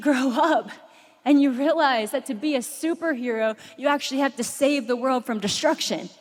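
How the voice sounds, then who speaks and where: A woman preacher giving a passionate sermon to a large crowd, telling stories and dropping into soft, intense moments. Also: sits high. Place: large arena before thousands. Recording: long hall reverb.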